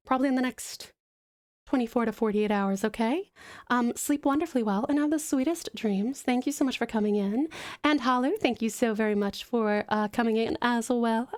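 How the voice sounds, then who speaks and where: A woman streamer in a soft, soothing, smooth mum voice, doting on viewers as sweetheart and darling. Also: a little high. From Australia (Tasmania). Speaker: streamer and artist. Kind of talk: live-stream chat, thanking viewers.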